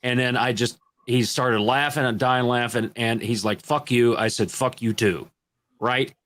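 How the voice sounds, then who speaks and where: A man from Illinois, a podcast guest telling crude, animated stories in a casual panel chat. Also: medium pitch, a little slow.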